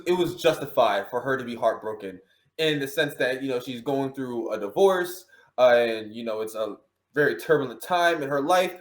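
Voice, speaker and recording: A man hosting a casual panel chat about music awards, playful and animated, often restarting his sentences. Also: medium pitch. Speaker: show host. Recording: roomy echo.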